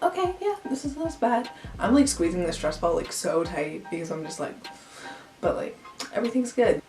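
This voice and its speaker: A young woman vlogger telling a storytime tale in a chatty way, full of "like.". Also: on the low side. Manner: chatty, heavy use of "like". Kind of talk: storytime vlog. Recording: echoey room, distant mic, faint music.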